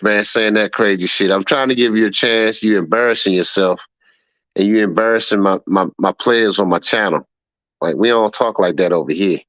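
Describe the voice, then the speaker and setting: A man's voice: fairly low pitch, fairly bright tone, no echo, highs cut off. A man hosting a livestream and reading chat aloud, laughing often, repeating himself and scolding a viewer. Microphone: streaming setup mic.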